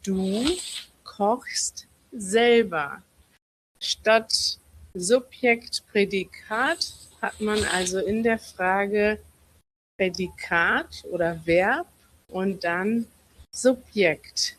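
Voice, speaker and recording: A woman explaining German grammar very slowly and carefully in a recorded lesson. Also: mid-range voice, a bit bright, no echo, low-quality recording. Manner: very slow, careful.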